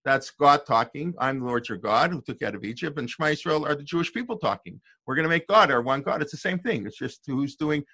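An older man teaching a Torah class in a bright, forceful voice that sits a little high. He talks discursively and thinks aloud, with restarts and asides. The sound is close and dry. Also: expressive, fast, few pauses, husky, no echo. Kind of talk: informal Torah lesson.

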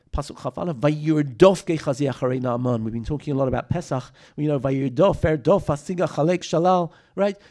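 Animated male Bible teacher, higher voice. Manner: animated, reads Hebrew verses and explains them, asks rhetorical questions. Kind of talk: text study lesson.

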